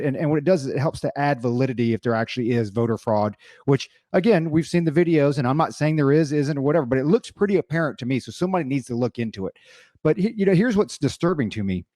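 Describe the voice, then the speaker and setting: A male podcast co-host talks politics in a steady, measured way, reading out posts and hedging his points. His middle-pitched voice sounds dry and close to the mic. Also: no room sound. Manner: measured, reads out tweets, hedging asides. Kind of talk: casual political podcast talk.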